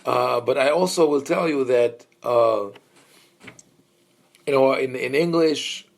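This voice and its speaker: A rabbi teaching a class leads a Bible study lecture in a thoughtful, explanatory way, full of fillers, restarts and questions for his listeners. His mid-range voice is gravelly and he takes it slowly.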